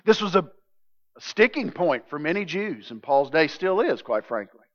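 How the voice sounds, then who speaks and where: A man preaching a sermon as pastor, emphatic, swinging from loud declarations to hushed intensity. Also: on the high side, sing-song, normal speed, highs cut off.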